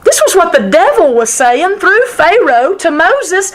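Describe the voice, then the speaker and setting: A woman's voice: sits high, very animated, normal speed, hardly any pauses, poor audio. A woman teaching a women's Sunday school class in a church, emphatic and repetitive in her delivery. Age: adult, former sixth-grade teacher.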